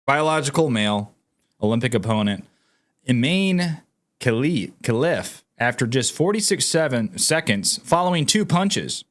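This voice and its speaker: A man's voice: mid-range voice, lively intonation, normal speed, fairly bright tone. A man hosting his own commentary channel. He talks casually and emphatically to viewers, reads news items aloud and sounds incredulous. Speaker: political commentary channel host.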